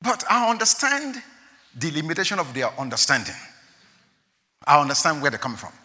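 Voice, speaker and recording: A man preaching a sermon as a pastor, animated and exclaiming as he tells stories, often laughing. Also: fairly high pitch, a little fast. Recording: long hall reverb.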